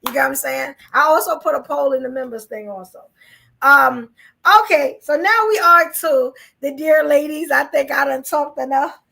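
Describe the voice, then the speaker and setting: High, gravelly-voiced woman podcast host. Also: moderate pace, bright, forceful tone. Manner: chatty, repeats "you know what I'm saying". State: losing her voice. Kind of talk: casual live-stream chat.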